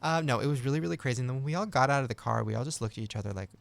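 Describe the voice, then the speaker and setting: Gravelly-voiced man hosting a podcast. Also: medium pitch, very fast, no room sound. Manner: storytelling, animated, laughs often. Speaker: podcast host. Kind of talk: casual podcast chat.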